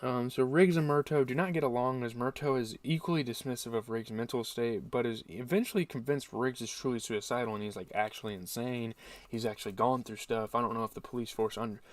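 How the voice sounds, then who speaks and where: A man's voice: medium pitch, steady tone, brisk, no echo, far from the mic. A young man hosting a casual movie review, rambling and correcting himself as he thinks aloud.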